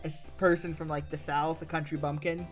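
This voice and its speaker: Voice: mid-range voice, little pitch movement, a little fast, soft background music. A streamer giving casual, rambling commentary while playing a game, with lots of "like" and filler. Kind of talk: casual let's-play commentary.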